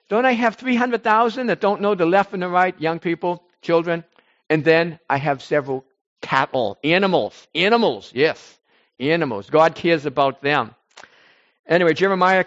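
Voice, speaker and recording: High-voiced rambling male preacher. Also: muffled recording. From United States. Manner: rambling, animated, swings loud and soft. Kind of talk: informal sermon to a small group.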